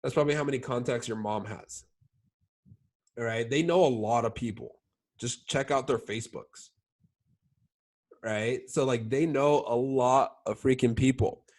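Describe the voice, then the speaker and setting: In a mid-range, slightly mellow voice, a young man coaches his salespeople at a measured pace with long pauses. The casual talk is full of "like," and he often stops to ask "all right?"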